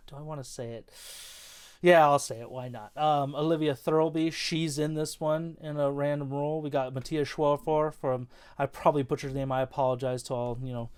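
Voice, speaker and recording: Chatty young man, smooth clear voice. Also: medium pitch, a little mellow. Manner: loose, chatty, many fillers and restarts. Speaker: film review co-host. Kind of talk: casual film review chat.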